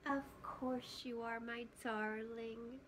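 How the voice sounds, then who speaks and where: Lady doing a sleepy mama bird, soft drowsy hush, slow. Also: fairly high pitch, steady tone, noisy background. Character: sleepy gentle mother bird.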